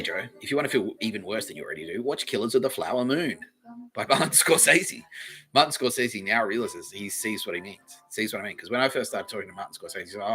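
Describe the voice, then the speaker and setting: A man hosting a solo podcast, ranting in a profane, animated way and laughing often. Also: fairly low pitch. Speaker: podcast host. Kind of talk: rambling solo podcast monologue.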